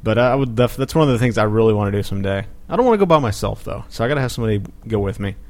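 A man's voice: fairly low pitch, animated, racing, a little mellow. A man hosting a podcast, chatting casually and making wry jokes. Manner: joking, wry asides. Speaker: podcast host. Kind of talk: casual chat.

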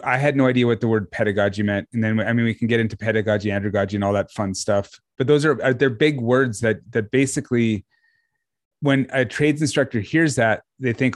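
A man co-hosting a podcast on trades teaching, talking in a relaxed, chatty way and laughing easily. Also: medium pitch, no echo, clean studio sound. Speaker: podcast co-host, trades education developer. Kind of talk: casual conversational podcast chat.

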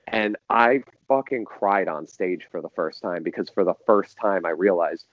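A man telling a long story as a podcast guest, rambling and animated, with many restarts and fillers. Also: on the low side, normal speed, hardly any pauses, no echo, highs cut off. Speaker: musician guest.

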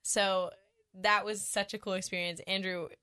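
A woman's voice: medium pitch, little pitch movement, moderate pace, bright, forceful tone, clear, resonant tone, no room sound. A woman hosting a radio show, chatting casually in an upbeat way and laughing easily. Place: radio studio.

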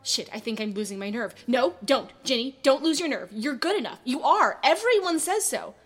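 A woman's voice: high voice, very animated, normal speed, breathy edge, heavily acted. A woman voicing a nervous teenage girl talking to herself. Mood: anxious. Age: teens. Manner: anxious, self-scolding inner monologue. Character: nervous seventeen-year-old girl going to an audition.

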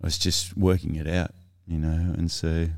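A middle-aged man, a podcast guest telling his personal story in a reflective, halting way with many restarts. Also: low voice, little pitch movement, gravelly, darkish tone, no echo, studio quality. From Australia.

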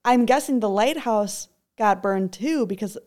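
A woman co-hosting a podcast in casual chat, expressive with dramatic reactions. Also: mid-range voice, a little slow. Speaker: podcast co-host.

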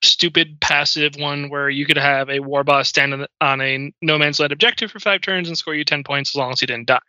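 A man's voice: on the high side, steady tone, brisk, bright, forceful tone, dry recording. A man as a podcast guest in casual chat, rambling with lots of ums and uhs. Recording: dull lo-fi audio.

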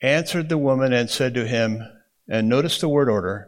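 A man's voice: medium pitch, moderate pace. A man teaching a Bible interpretation class, explaining in a folksy way and often checking in with the room. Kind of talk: classroom lecture.

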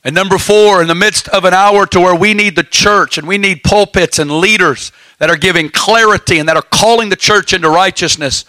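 Man, high pitched, bright tone, passionate preaching, laughing now and then, dry recording. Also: no room sound. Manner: fervent, exhorting, laughs often. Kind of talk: sermon.

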